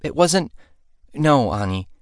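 A man's voice: medium pitch, very animated, slow, no room sound, studio quality, pitched above the performer's own voice. A man voicing a bashful young heroine girl. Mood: bashful, grumbling. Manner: bashful, grumbling.

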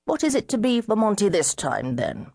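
A woman's voice: mid-range voice, very animated, normal speed, a little mellow, dry recording, voice pushed up. Tipsy young regency gent fumbling his words, a lady narrator doing him, dry close sound. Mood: befuddled. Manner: slurred, fumbling for words, merrily befuddled. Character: tipsy young gentleman turning twenty-five, rambling.

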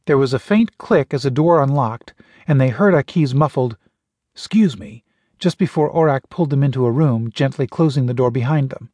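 A man narrating a science-fiction audiobook in a steady, even storytelling voice. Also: medium pitch, brisk, dry recording. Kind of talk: scripted narration.

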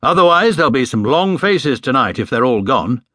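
A man's voice: mid-range voice, very animated, moderate pace, sharp tone, no room sound, studio quality. A man reading a mild, good-natured father. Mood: genial.

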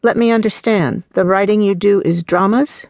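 A woman putting on a curt, suspicious male visa clerk with a foreign accent, firing off short, clipped questions. The voice is raised somewhat above her usual reading voice and carries a slight gravelly rasp. It is a dry, close audiobook recording. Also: sits high, normal speed, a little mellow, dry recording, pitched above the performer's own voice.

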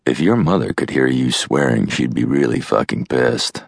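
A man voicing a calm, hardened male American operative with a dry, deadpan manner. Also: rumbling low, moderate pace, gravelly, no room sound, full character voice.

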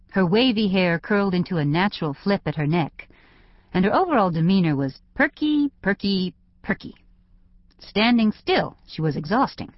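A woman's voice: lowish voice, no echo. A woman narrating a novel in first person, with wry conversational storytelling. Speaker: audiobook narrator. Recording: dry, slightly dull studio audio.

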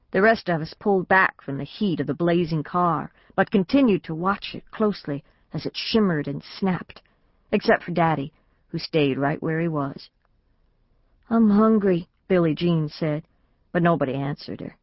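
A woman with a deep voice narrates a first-person novel for an audiobook, telling it plainly and pitching up for the family's lines. The studio recording has no room sound and is dry and slightly dull.

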